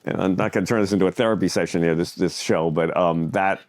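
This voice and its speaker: A man co-hosting a comedy podcast, telling a personal story in a reflective, halting way. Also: sits low, fairly even intonation, darkish tone, slight background noise. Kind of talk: casual podcast chat.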